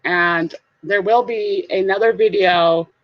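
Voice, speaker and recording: Her pitch is medium and her pace slow. She's a middle-aged woman with a Southern US accent, a reseller hosting a casual live stream and reading comments in playful, giggly, goofy sing-song voices. The sound is slightly dull, lo-fi stream audio.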